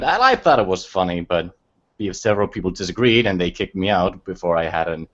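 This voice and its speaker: A man talking in a casual online hangout, his pitch swinging up and down as he rambles through a story. The call audio is muffled and lo-fi. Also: sing-song, fairly quick, a bit bright. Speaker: hangout participant. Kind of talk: casual group video chat.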